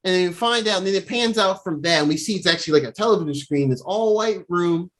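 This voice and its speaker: A man co-hosting a podcast casually recaps a TV episode, acting out the characters' lines as he goes. His voice sits high, with a fast pace and fairly bright tone.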